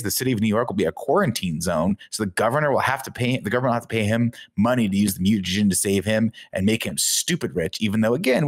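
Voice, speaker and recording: Low-voiced man with a wry recap. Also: dry recording, clean studio sound. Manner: wry, sarcastic storytelling. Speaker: podcast co-host. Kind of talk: casual movie recap chat.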